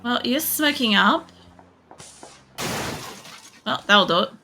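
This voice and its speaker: A woman's voice: fairly high pitch, animated, slow, bright, forceful tone, slight background noise. An Australian woman streaming a game, chatting casually in a rambling way, swearing often and filling gaps with fillers. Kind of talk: casual gameplay chat.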